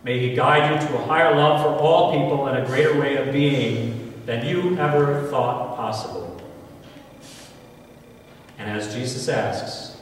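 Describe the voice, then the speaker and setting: A man in his forties with an American accent, a priest telling a personal story in a homily, earnest and slow with emphatic pauses. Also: mid-range voice, slight background noise. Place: large church. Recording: echoey church hall from far off.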